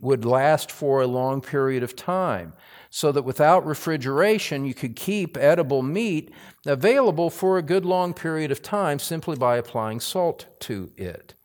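A male pastor preaching a sermon, building to emphatic, forceful stress on key lines. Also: medium pitch. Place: church sanctuary.

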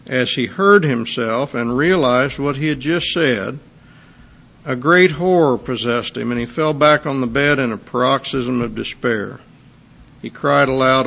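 A man's voice: a little high, lively intonation, measured pace, vocal fry, a bit bright. A man preaching a sermon, reading a testimony aloud and then expounding on it with rising intensity. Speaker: pastor.

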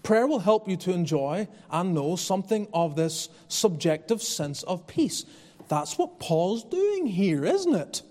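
A man's voice: high-pitched, very animated, a little slow, a little mellow, big-room sound. A man preaching a sermon as pastor, earnest and conversational, often restarting his phrases. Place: church.

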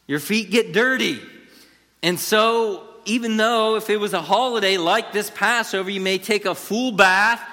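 A man's voice: high voice, fairly even intonation, normal speed, hardly any pauses, bright, forceful tone. A man preaching an expository sermon in a conversational, emphatic way, turning to the listeners with asides. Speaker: pastor. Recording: long reverb of a large hall.

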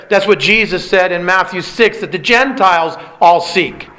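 High-voiced man preaching emphatically. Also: moderate pace, few pauses, sharp tone, poor audio. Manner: emphatic, repetitive preaching cadence. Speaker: pastor. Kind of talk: sermon.

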